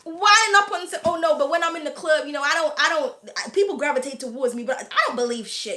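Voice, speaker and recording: A woman in candid chat to camera, blunt and quick to swear. Her voice sits high and sounds bright and sharp. The room around her gives an echo. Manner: frank and blunt, swears freely, laughs often. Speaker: host of an astrology reading channel.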